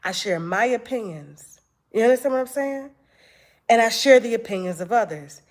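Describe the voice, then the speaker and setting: A woman in a casual talk-show monologue, retelling conversations with lively, profane energy. Her voice sits a little high for a woman. She jumps into other people's words as she quotes them. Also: normal speed. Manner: animated storytelling, acts out quotes, profane. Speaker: online talk show host.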